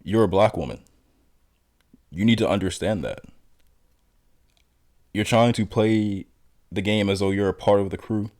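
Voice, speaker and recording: A man's voice: fairly low pitch, measured pace, long pauses, a little mellow. A man giving political commentary in a blunt, lecturing, confrontational manner.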